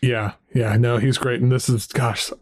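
A male podcast host at a mid-range pitch, rambling cheerfully through his thoughts and laughing along the way. His voice is recorded dry and close, with no room sound. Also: flat delivery, a little mellow, no echo. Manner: rambling, chatty, quick to laugh. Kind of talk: casual podcast chat.

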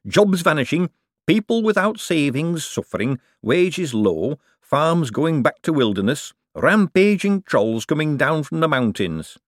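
Brief: man voicing a fussy, excitable little economist, high and slow, earnest. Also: dry recording, clean studio sound. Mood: eager. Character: eager, fussy little male bank economist.

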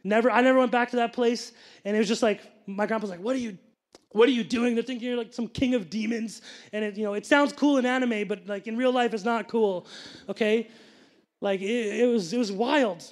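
Young pastor guy, high voice, chatty sermon story, keeps turning to the crowd with asides. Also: fairly quick. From grew up Sikh, family from India. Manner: animated storytelling with asides to the congregation.

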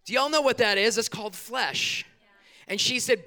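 A man's voice: extremely high pitch, moderate pace, bright, forceful tone. A male pastor, preaching a conversational sermon in a church, acting out his prayers and quotes. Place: church sanctuary.

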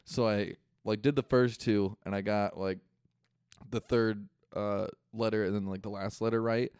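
A young man talks in a loose, casual way, swearing often and padding his sentences with fillers. His voice sits a little low, and the recording is dry and close. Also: fairly even intonation, normal speed, a little mellow, clean tone, no room sound. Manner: loose, profane, full of fillers. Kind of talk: casual chat.

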